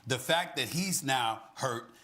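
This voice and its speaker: A man talking on a sports debate show as a commentator, emphatic with a preacher-like cadence that swings into shouting. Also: medium pitch, lively intonation, takes it slowly.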